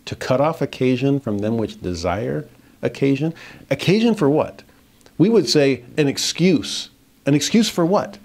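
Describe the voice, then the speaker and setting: A middle-aged man at an everyday mid-range pitch leads a scripture lesson. He reads the verses slowly and deliberately, then comments on them with lively rises in pitch for emphasis. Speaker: scripture teacher.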